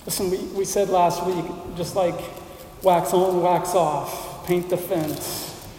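A high-voiced male pastor preaching slowly in an echoey sanctuary. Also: fairly even intonation, dark tone, slight background noise. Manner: measured preaching with deliberate pauses and emphatic lists. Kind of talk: sermon. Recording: roomy hall reverb, mic at a distance.

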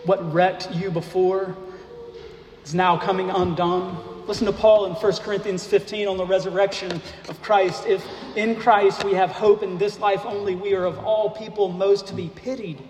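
A man preaches in a church sanctuary, his voice pitched fairly high for a man. He moves slowly and deliberately through rhetorical questions. The sound rings with a long echo off the hall walls. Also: flat delivery, darkish tone. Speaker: pastor. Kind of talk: sermon. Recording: echoey hall, faint noise.

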